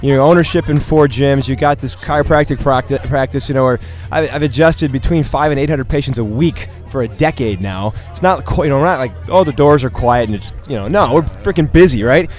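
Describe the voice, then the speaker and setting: A man's voice: medium pitch, fairly quick, few pauses, soft background music. Earnest man explaining his philosophy. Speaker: gym owner and chiropractor guest. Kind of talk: casual interview. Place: outdoors at a competition.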